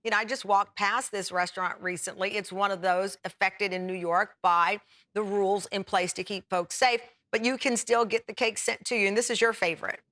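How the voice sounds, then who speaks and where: A woman's voice: medium pitch, steady tone, fairly quick, a bit bright. A woman hosting a daytime talk show, chatty and enthusiastic as she tastes and praises food. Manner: chatty and enthusiastic, laughs while tasting food. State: talking with mouth full at times.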